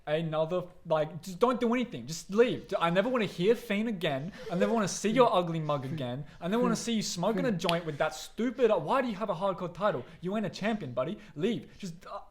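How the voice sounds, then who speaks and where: A man's voice: high-pitched, fast, few pauses. Ranting Australian man, laughing. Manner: animated ranting, swears, laughs often. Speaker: podcast co-host. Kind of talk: casual chat.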